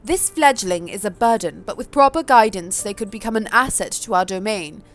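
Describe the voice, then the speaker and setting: A woman's voice: medium pitch, animated, normal speed, lightly acted. A woman voicing a composed, elegant vampire noblewoman in a put-on, old-fashioned posh accent, formal and refined. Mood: poised.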